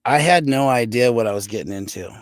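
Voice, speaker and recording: A man's voice: medium pitch, quick pace, no room sound. A middle-aged man from Montana, a guest on a podcast, telling a story with lots of energy and acting out the quotes. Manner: energetic, animated storyteller who acts out quotes. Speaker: podcast guest, pro arm wrestler. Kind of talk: casual storytelling interview.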